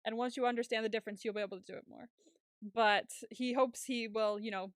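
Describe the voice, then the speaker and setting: Young female co-host, casual recap talk, fairly high voice, acts out quotes. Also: quick pace, no room sound, studio quality. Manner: animated retelling with quoted lines. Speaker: podcast co-host.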